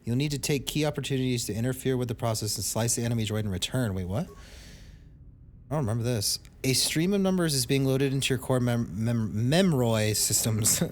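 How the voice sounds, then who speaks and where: A man streaming a video game, reading its text aloud and chatting casually, with quick, frustrated reactions. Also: medium pitch.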